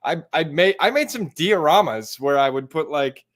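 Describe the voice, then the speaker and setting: Laid-back man with a higher voice. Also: animated, normal speed. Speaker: guest. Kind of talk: casual chat.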